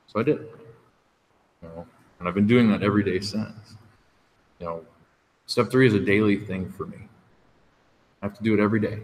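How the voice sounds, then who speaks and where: A man's voice: fairly low pitch, fairly bright tone. Candid man sharing at a podium. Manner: conversational and frank, acts out quoted voices. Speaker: speaker sharing at a recovery meeting. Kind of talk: candid personal testimony. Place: meeting room at a podium. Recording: reverberant room with faint background noise.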